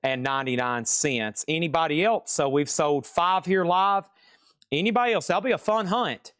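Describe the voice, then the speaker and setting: Brisk man calling a live auction. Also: fairly high pitch, fairly bright tone, dry recording, studio quality. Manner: fast bid-calling, chatty and upbeat. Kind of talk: live-stream record auction patter.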